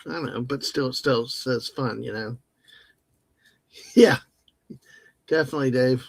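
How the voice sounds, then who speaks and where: A man co-hosting a live stream, making jokey, animated asides in casual chat. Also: medium pitch, slow pace, vocal fry, husky, no echo. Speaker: co-host.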